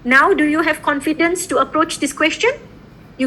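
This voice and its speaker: A woman's voice: sits high, moderate pace, slight background noise, poor audio. A woman law lecturer teaching a class, explaining an assignment and often checking in with her students. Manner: lively, repeatedly checking in with "okay?" and "right?".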